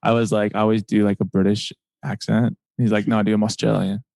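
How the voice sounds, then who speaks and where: Male podcast host, lowish voice, dry close sound, jokey and excitable. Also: vocal fry, no echo. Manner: joking, excitable, talks in quick bursts. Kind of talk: casual interview chat.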